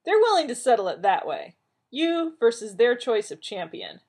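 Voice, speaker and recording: A woman reading aloud, voicing a blunt, steady man leading a team, with firm, urgent warnings. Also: a little high, normal speed, husky, pitched above the performer's own voice, full character voice.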